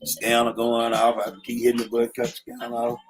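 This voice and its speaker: A man's voice: mid-range voice, completely flat delivery, a little fast. A middle-aged man casually telling old street stories, slangy, often saying "you know what I'm saying". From Atlanta, USA. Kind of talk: casual storytelling. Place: in a car.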